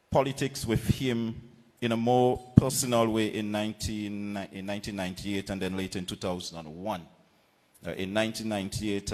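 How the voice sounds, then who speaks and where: A man with a Vincentian accent giving a political rally speech, measured and deliberate with pauses and repetitions. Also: fairly low pitch, big-room sound. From Saint Vincent and the Grenadines. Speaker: political candidate. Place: outdoor political rally platform.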